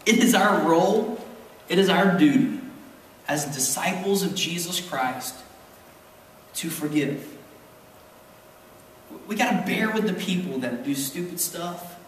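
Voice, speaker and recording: High-voiced pastor preaching in an echoey hall. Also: male voice, expressive, slow, pauses often, far from the mic, slight background noise. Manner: emphatic, rising to fervent exhortation. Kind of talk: sermon. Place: church sanctuary.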